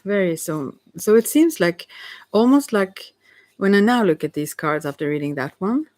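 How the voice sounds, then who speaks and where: A woman with a Swedish accent, a native Swedish speaker, casually reading and talking through oracle cards for viewers, halting with many fillers and soft laughs. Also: mid-range voice, lively intonation, dry recording. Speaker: oracle card reader.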